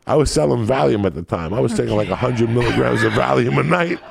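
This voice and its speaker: A man telling crude, profane comic stories on a podcast in a rambling, raucous way, with a gravelly, raspy voice. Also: mid-range voice, expressive, fast talker, over a noisy crowd. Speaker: podcast guest.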